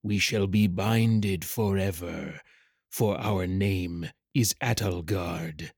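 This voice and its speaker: A man doing a slow, deep, menacing shadow rider. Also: darkish tone, slightly rough, no room sound, clean studio sound, heavily acted. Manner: slow, low, commanding. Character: faceless male shadow rider, looming and menacing.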